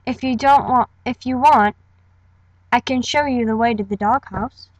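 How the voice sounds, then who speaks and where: A woman's voice: fairly high pitch, moderate pace, no room sound, natural voice, low-quality recording. A woman voicing a friendly young woman with a put-on English accent, reading cheerily for an audition. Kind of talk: voice acting audition.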